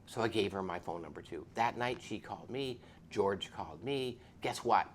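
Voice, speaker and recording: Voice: low-pitched, lively intonation, moderate pace, slight background noise. A police officer giving an earnest, preachy spoken testimony.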